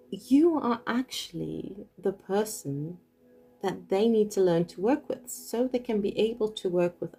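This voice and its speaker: Woman, card reader, casual chat, giggly, warm mellow tone. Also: mid-range voice, slightly rough. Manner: chatty, giggles often. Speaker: tarot reader. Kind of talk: casual card reading to viewers.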